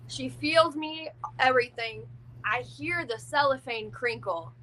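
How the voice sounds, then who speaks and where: Blunt, bright-voiced woman telling a story. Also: high voice, unhurried, low-quality recording. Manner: blunt and profane, heavy use of "like". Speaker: interview guest. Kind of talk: casual storytelling.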